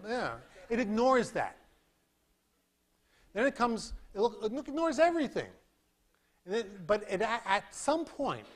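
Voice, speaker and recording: A man giving a university physics lecture in a hall, animated and demonstrating with sound effects. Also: high-pitched. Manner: animated, acts out beeping sounds and demonstrates with props. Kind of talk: classroom lecture.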